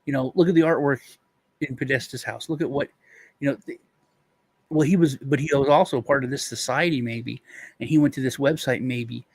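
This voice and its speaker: A man's voice: medium pitch, fairly even intonation, brisk, breathy edge, no room sound. A male co-host rambling through a casual chat, retelling stories with restarts and quoted voices.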